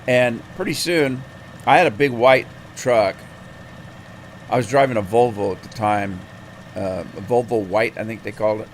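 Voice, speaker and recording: A man's voice: lowish voice, normal speed, a little hiss or hum. A man streaming a farming game, telling a folksy, rambling story with plenty of fillers and restarts. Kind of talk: casual storytelling while gaming.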